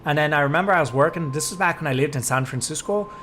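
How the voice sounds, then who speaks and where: An American man casually chatting on a live stream, swearing often and ranting loudly when worked up. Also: on the high side, faint music behind. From United States. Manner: profane, ranting, gets loud and drawn-out when worked up.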